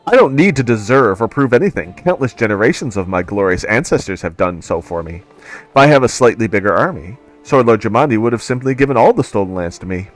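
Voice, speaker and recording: A man's voice: lowish voice, lively intonation, fairly quick, faint music behind, close to an everyday voice. A man voicing an arrogant, condescending nobleman in a game. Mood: haughty. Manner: haughty, dismissive. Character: arrogant male baron, bored, condescending.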